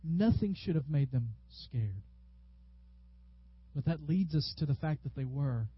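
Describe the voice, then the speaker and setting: A man with a high voice preaches a sermon. He tells stories with lively energy and bursts out loudly when acting out what people said. The recording is dry and slightly dull. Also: a little slow, husky, dry recording. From Tennessee, USA. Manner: animated, storytelling preacher who acts out quotes loudly. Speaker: pastor.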